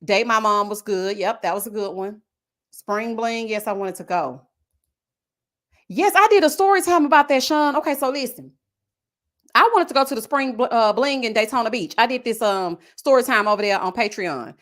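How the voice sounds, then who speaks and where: A woman in her thirties hosting a live stream, chatting in a casual, animated, slangy way and telling stories. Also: a little high, moderate pace. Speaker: YouTube host.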